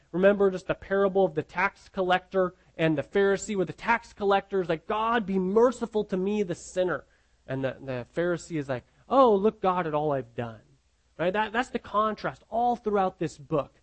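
A man with a fairly high voice preaches a sermon. He teaches conversationally, posing rhetorical questions and often restarting a phrase mid-thought. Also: a little mellow.

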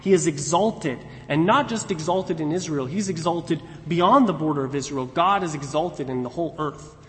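A man giving an earnest expository Bible teaching, retelling God's words as lively paraphrase. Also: fairly high pitch, moderate pace. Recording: long hall reverb.

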